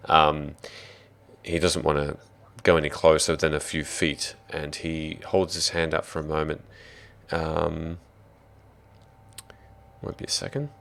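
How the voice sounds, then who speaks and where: A man's voice: rumbling low, little pitch movement, a little slow, creaky, fairly bright tone. A man with an Australian accent narrating a tabletop game as dungeon master, descriptive and given to hesitant fillers.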